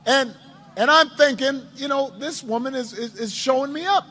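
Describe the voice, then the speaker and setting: A man with a markedly high-pitched voice tells a long anecdote to a room of supporters. He often repeats his words as he goes, and he keeps his speech light with dry, humorous asides. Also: moderate pace, sharp tone, a little hiss or hum. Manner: storytelling with many self-repetitions and wry asides. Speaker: politician addressing supporters. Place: indoors at a campaign office.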